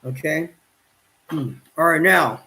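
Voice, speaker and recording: A YouTube vlogger narrates his own video while arguing with someone off camera, repeating words, pleading over and over, and using grand language. His voice is fairly high, slow, bright, and forceful. The recording sounds roomy, with the mic far away.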